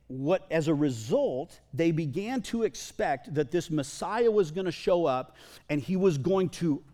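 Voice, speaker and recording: Lively, conversational male pastor preaching. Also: fairly high pitch, big-room sound. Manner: conversational preaching with repeated words. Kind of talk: sermon.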